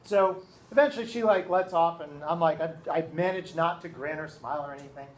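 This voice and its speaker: A man in his thirties, a teacher telling a lively story to his class, often checking in with his listeners. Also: on the high side, a little fast, a little hiss or hum, rough recording. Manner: animated, keeps checking in with listeners.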